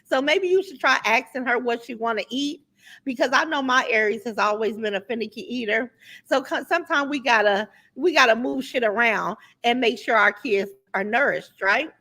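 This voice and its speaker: A middle-aged woman with a high, bright voice chats bluntly on a casual livestream. She runs through viewer comments in an easy, candid way, and her tone stays sharp and forceful. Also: moderate pace. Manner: blunt, chatty, reads viewer comments aloud. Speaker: livestream host.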